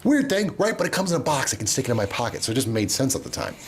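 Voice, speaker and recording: Animated man telling a funny story. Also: mid-range voice, rapid-fire, a little hiss or hum. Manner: animated storyteller, acting out voices in his stories. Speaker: co-host of a livestream show. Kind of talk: casual chat.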